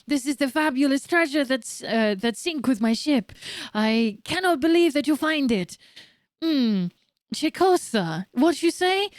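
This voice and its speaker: A woman's voice: sits high, dry recording, studio quality, voice pushed up. A woman voicing a kindly, sentimental old Italian sailor in a put-on Italian accent, with broken English full of Italian words.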